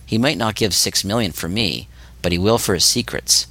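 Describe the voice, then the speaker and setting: A man voicing a defiant, sharp-tongued young goth woman held captive, speaking bluntly with scorn and curses. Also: lowish voice, moderate pace, no room sound. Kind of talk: audiobook character reading.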